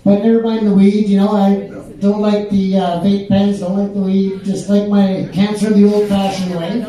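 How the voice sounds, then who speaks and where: A man's voice: high voice, moderate pace, heavy reverb, distant mic, rough recording. Rambling older man on a pub stage. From Canada. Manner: rambling deadpan delivery with many fillers. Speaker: stand-up comedian. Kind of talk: stand-up set.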